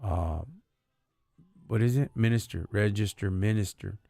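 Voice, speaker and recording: A man's voice: fairly low pitch, a little slow, gravelly, mellow, dry recording. A man hosting a live stream, telling stories in a slangy, casual and earnest way. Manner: slangy and street-casual, often says "dog" and "homie"; earnest, faith-focused. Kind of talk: casual storytelling chat.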